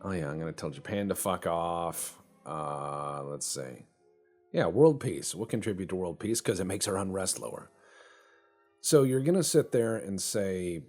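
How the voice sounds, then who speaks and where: A man's voice: sits low, expressive, moderate pace, darkish tone, soft background music. A man hosting a let's play, rambling in casual, profane, joking gameplay commentary.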